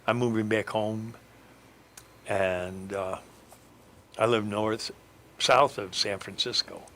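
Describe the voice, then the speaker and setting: A middle-aged man spins a long, wandering story for a radio interview. His voice is bright and pressing, and he stops often to hunt for words with "uh" and restarts. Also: fairly low pitch, steady tone, slow pace. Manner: meandering, hesitant, frequent fillers and restarts. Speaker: radio guest telling a life story. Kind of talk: rambling storytelling.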